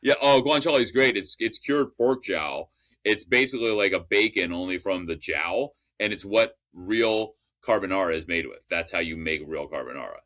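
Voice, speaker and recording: A man with a low, bright-edged voice tells a story on a casual sports podcast. He rambles eagerly, restarts his sentences and drops the odd curse. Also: animated, normal speed.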